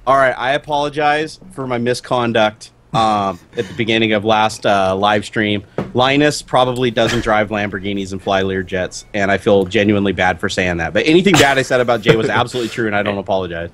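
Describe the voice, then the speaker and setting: A man's voice: lowish voice, fairly quick, noisy background. A man co-hosting a casual tech chat, teasing and mocking himself with wisecracks. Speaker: co-host.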